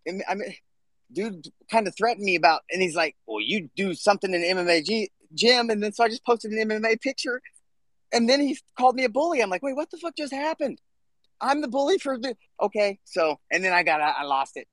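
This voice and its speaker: A man's voice: high voice, lively intonation, a little fast, fairly bright tone, no echo. A man hosting a casual live audio chat, talking bluntly and swearing freely. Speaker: podcast host.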